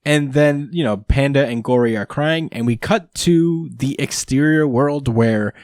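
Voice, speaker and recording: A podcast host with an ordinary, middle-pitched man's voice runs through a comic chapter in an easygoing way. He wanders through his sentences with plenty of fillers and keeps breaking into small laughs. The sound is dry and close, with no room around it. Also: a little slow, darkish tone, no room sound. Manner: rambling with frequent fillers and chuckles. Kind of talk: casual manga chapter recap.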